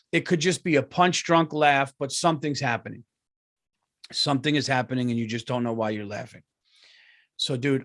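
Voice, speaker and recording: A middle-aged man hosts his own comedy show and tells a long comic story. His talk is loose, profane and animated. His voice sits in a middle register for a man. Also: mid-range voice. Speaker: comedian host.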